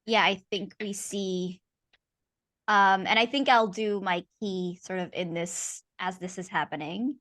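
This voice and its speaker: A woman's voice: medium pitch, steady tone, a little slow, a bit bright. A woman playing a tabletop game who describes her character's actions in a thoughtful, hesitant way. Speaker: player.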